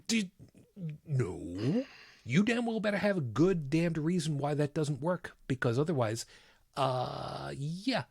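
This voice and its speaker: A man's voice: a little high, sing-song, slow, gravelly, darkish tone, breathy edge, no echo, studio quality. A man co-hosting a casual podcast chat, blunt and emphatic, swearing as he explains. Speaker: podcast co-host.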